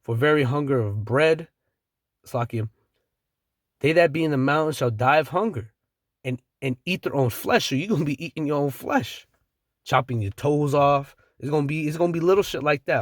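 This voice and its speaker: A man's voice: a little high, moderate pace, no echo, studio quality. Blunt slangy man preaching scripture. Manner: reads verses then riffs in blunt slang, chuckles. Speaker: street preacher. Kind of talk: scripture-reading sermon.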